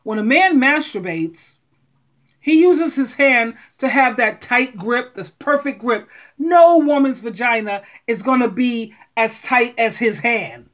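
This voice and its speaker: A middle-aged woman giving blunt, animated relationship advice straight to her viewers. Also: a little high, a little slow. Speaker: advice vlogger. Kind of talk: frank advice monologue.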